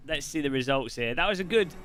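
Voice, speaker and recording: A man's voice: a little high, expressive, fast talker, fairly bright tone, slight background noise. A man hosting a casual live stream, chatty and jokey, rambling with restarts. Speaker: streamer host.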